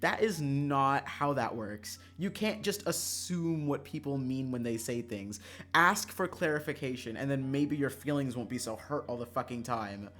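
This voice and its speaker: A game streamer chatting while playing a visual novel, swinging between loud rants and quiet mumbles, swearing freely and laughing often. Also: medium pitch, expressive, moderate pace, faint music behind.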